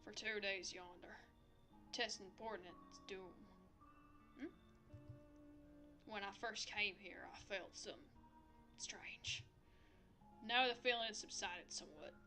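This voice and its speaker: A woman voicing a solemn, cryptic seer who speaks in a hushed, ominous way. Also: mid-range voice, measured pace, long pauses, faint music behind. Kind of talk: game voice acting.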